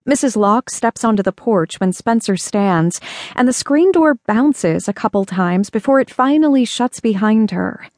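A woman narrates a story at an unhurried, measured pace. Her voice sits slightly high, and the recording is close and dry with no room sound. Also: darkish tone, no echo. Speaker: audiobook narrator. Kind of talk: scripted narration. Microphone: close studio mic.

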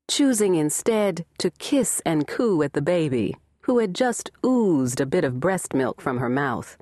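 Slow, expressive woman narrator. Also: deep voice, no echo, clean studio sound. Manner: expressive, measured reading. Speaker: audiobook narrator. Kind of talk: scripted narration. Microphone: close studio mic.

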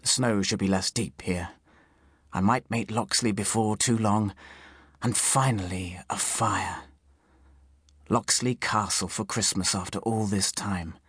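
A man's voice: on the low side, steady tone, measured pace, breathy edge, dry recording, studio quality. A man doing a weary, musing traveller. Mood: wistful. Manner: quiet, musing inner thoughts. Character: weary male traveller returning home.

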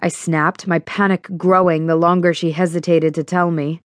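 A woman reads a first-person novel aloud in a steady, even manner. Her voice sits a little low, and the close studio recording is dry with no room sound. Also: normal speed, no room sound. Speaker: audiobook narrator. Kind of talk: scripted first-person narration.

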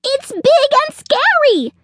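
A woman's voice: sits high, very animated, takes it slowly, no room sound, clean studio sound, voice pushed up, heavily acted. A woman voicing a panicky, out-of-breath male squirrel who shrieks his words in a storybook. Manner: frantic, shrieking repeats.

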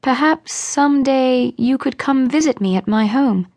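A woman reading the part of a kind young governess, speaking softly and gently in an audiobook. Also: on the high side, a little fast, no echo, clean studio sound, pitched above the performer's own voice, lightly acted. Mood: tender. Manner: soft and gentle.

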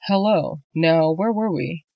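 A woman's voice: low voice, slow, gravelly, no room sound, highs cut off, exaggerated voice. A woman voicing a cheating husband who stumbles over his words and pleads, in a dry audiobook reading. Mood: casual. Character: cheating husband, nervous and apologetic.

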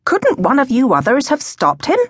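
A woman narrator voicing a brisk, scolding nursemaid in a raised, firm voice. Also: high voice, wildly swooping pitch, slightly rough, dry recording, clean studio sound, voice pushed up, exaggerated voice.

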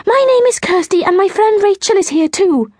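A woman's voice: very high voice, moderate pace, darkish tone, no echo, studio quality, voice pushed up. Kirsty, an eager young schoolgirl, played by a woman narrator. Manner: eager and reassuring. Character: excited young schoolgirl, warm and brave.

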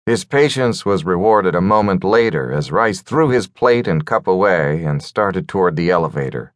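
A man narrating a mystery thriller audiobook in a calm, storytelling manner. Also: deep voice, normal speed, no echo, clean studio sound. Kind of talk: scripted narration.

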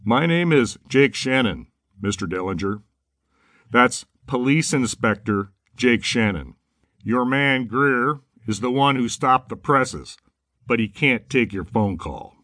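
A male narrator voicing a husky, blunt police inspector, recorded dry. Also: mid-range voice, animated, slow, fairly bright tone, dry recording.

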